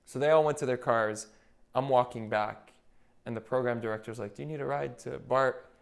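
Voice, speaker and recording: With a mid-range voice, normal pace and some vocal fry, a young man chats casually as a podcast guest. He works as a nurse anesthetist and brings his anecdotes to life by acting out others' quotes.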